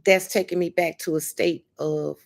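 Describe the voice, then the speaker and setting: This is a woman, chatting to viewers on a live stream. Her voice sits a little low. She talks emphatically and fondly, leaning on honey and baby as she speaks into her phone or webcam. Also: fairly even intonation, moderate pace, creaky. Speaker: livestream host. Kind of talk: casual livestream chat.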